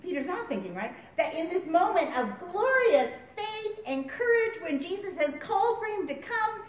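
A woman preaching a sermon, animated and often laughing as she acts out voices. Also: high voice. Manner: animated, laughing, acting out quotes. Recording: roomy, distant, dull recording.

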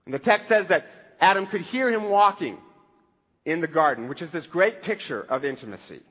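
A man's voice: fairly high pitch, animated, moderate pace, fairly bright tone, slightly rough, long reverb tail, muffled recording. A man preaching a conversational sermon as a pastor, with wry humor.

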